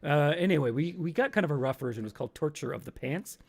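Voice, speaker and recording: A man's voice: fairly high pitch, expressive, fast, vocal fry, husky. A man in his fifties hosting a casual solo stream, rambling and nostalgic, now and then acting out an old sketch in silly voices. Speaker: podcast host.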